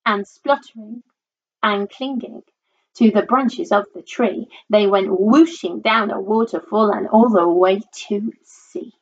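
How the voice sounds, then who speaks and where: A woman reading a rhyming storybook aloud in a lilting, rhythmic, expressive voice, on a dull lo-fi recording. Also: medium pitch, unhurried.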